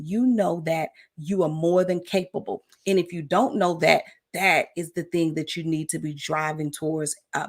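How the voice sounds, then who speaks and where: A woman coach hosts a motivational livestream talk in a deep, creaky voice. She's encouraging, repeats affirmations, and leans on lots of "uh" fillers.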